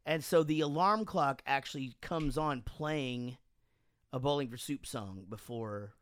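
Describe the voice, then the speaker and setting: A man's voice: medium pitch, a little slow, smooth, dry recording. Tipsy guy telling stories, swears a lot, does the voices, dry room. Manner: animated, swearing, acts out quotes. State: drunk. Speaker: podcast host and band frontman. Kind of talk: casual storytelling chat.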